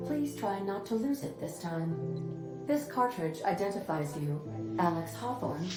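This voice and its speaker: Casting: woman as a formal, dry-witted female ship AI for a game, precise diction, roomy mix, loud score behind. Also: medium pitch, lightly acted. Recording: roomy game audio over music.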